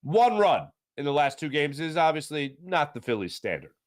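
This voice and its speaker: A man hosting a sports talk show, ranting with strong opinions and swinging between low grumbles and loud outbursts. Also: very animated, normal speed, no echo, studio quality. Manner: mocking put-on fan voice at times. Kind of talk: opinionated sports radio rant.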